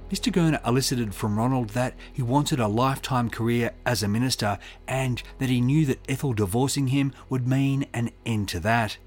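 A man giving measured, scripted true-crime narration and reading out quotes. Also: mid-range voice, darkish tone. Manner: measured, reads quotes aloud.

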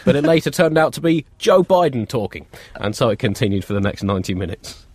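A man co-hosting a comedy podcast, telling deadpan, absurd jokes and chuckling between them. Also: medium pitch, fast talker, breathy edge, no room sound. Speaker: podcast co-host. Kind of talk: scripted comic chat.

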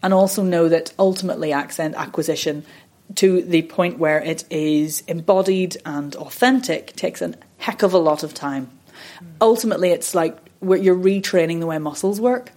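A woman's voice: fairly low pitch, moderate pace, darkish tone. Chatty woman voice coach in her thirties. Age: 30s. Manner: chatty, rambling, self-deprecating with frequent restarts. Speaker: voice and accent coach. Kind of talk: conversational podcast interview.

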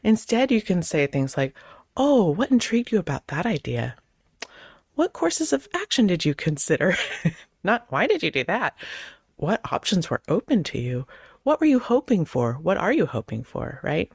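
A woman host in her thirties giving casual advice on conversation, acting out both sides of sample chats in quick changes of voice. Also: on the low side, very animated, a little mellow, husky, no room sound, studio quality. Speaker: podcast host; clergy.

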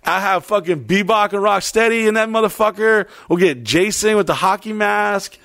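Young dude on a podcast, kinda high voice, swears nonstop, rambles, dead dry audio. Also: male voice, normal speed, vocal fry, dry recording. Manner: profane, rambling, animated. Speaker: podcast co-host. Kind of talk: crude comedic banter.

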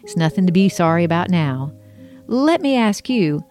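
A woman's voice: lowish voice, very animated, normal speed, darkish tone, faint music behind. A woman reading as a sweet, upbeat elderly man, a retired fire chief who talks in a folksy, polite, easygoing way. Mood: friendly.

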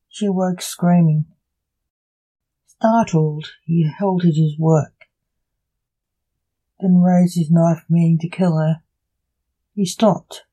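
A narrator reading a fan story aloud in slow, halting phrases. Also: mid-range voice, dark tone, low-quality recording.

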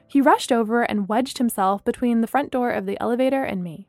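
A woman's voice: a little high, fairly quick, hardly any pauses, darkish tone, dry recording, soft background music. A woman narrating her own first-person audio drama and playing its heroine, sarcastic and heated in the dialogue. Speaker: podcast narrator and writer.

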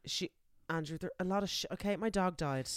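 A woman's voice: fairly low pitch, brisk. A young woman co-hosting a podcast, chatting in a laid-back, giggly way. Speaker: podcast co-host. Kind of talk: casual chat. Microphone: headphones.

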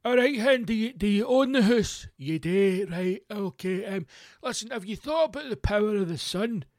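Scottish man playing a pushy doorstep salesman, wheedling patter, raised pitch, dry sound. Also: lively intonation, normal speed, a little mellow, no echo. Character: pushy male doorstep solar panel salesman.

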